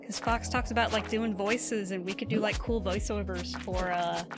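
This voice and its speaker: A chatty woman with a Southern US accent talks through a live game stream, reading viewer messages aloud and laughing easily. Her voice sits at an ordinary middle pitch, with game music playing clearly behind her. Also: fairly even intonation, moderate pace. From Southern United States. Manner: chatty, laughs often, reads chat aloud. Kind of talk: casual live-stream chat.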